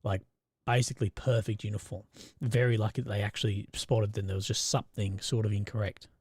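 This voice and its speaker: A man's voice: on the low side, fairly even intonation, brisk, darkish tone, slightly rough. A man, talking off the cuff on a live stream. He stays casual and rambling, swears freely and keeps restarting his sentences. The sound is dry and close, with no room echo. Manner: loose and conversational, swears often, restarts sentences. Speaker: independent reporter and live-stream host. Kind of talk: casual live-stream commentary, reading viewer chat.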